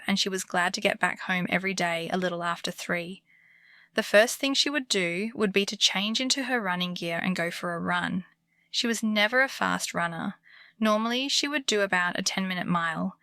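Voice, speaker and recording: Calm woman narrating bedtime horror, gravelly. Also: medium pitch, moderate pace, dry recording, clean studio sound. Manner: calm, comforting delivery.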